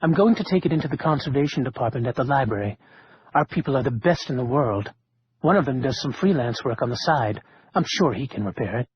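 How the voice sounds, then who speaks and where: A man's voice: mid-range voice, animated, quick pace, breathy edge, no room sound. A man doing a fussy, indignant librarian. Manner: indignant, prim. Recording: muffled lo-fi recording.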